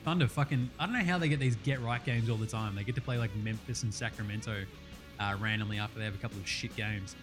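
Host: Australian man, loud and sweary, casual podcast chat, faint music bed. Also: on the low side, fast talker. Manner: loud, profane, joking.

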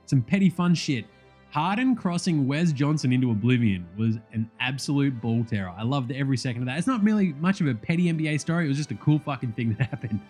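A man's voice: medium pitch, animated, fast talker, a little mellow, soft background music. A man with an Australian accent giving a casual, profane, jokey rant about sport. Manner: profane, blunt, jokey banter. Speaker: sports vlogger.

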